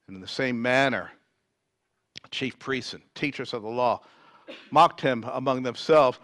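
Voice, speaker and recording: A man preaching a sermon, reading scripture dramatically and swinging from loud emphasis to near whispers. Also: mid-range voice, unhurried, long pauses, no echo.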